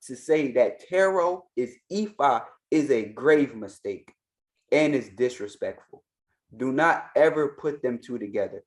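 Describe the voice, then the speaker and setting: A man's voice: medium pitch, expressive, measured pace, darkish tone. A man, an Ifa priest, giving insistent reaction commentary and hammering his points home by repeating them.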